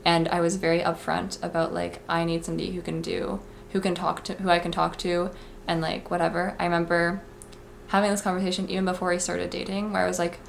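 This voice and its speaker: Chatty young woman with a gravelly low voice. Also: flat delivery, quick pace, a little hiss or hum. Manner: chatty, heavy use of "like", earnest advice-giving. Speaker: vlogger. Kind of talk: casual confessional vlog.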